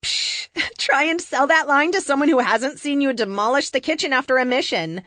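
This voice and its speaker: A sharp-tongued young heroine needles her teammates in a high, lively voice, as a woman plays her. The recording is close and dry. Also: no echo. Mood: teasing. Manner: teasing and quick.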